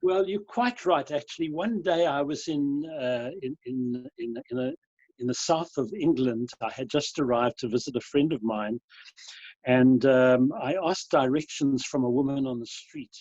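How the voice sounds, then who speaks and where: A man in his sixties with a softened South African accent, a guest telling good-humoured stories and enunciating carefully. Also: fairly high pitch, big pitch swings, moderate pace, gravelly, no echo, lo-fi sound. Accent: South African, softened by years in Europe. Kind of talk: conversational storytelling. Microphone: video call.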